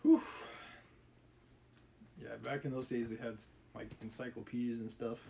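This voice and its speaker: A man reading a novel aloud on a livestream, pausing for laid-back, casual comments. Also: medium pitch, steady tone, gravelly, mellow, slight background noise, rough recording. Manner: laid-back, muses aloud between passages. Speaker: reader on a livestream.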